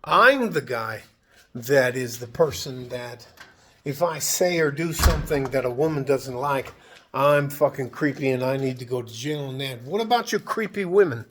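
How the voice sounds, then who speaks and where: A man's voice: mid-range voice, measured pace, a bit bright, slight background noise. A man vlogging in his home garage, talking in a rambling, profane, worked-up way. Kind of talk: casual vlog monologue.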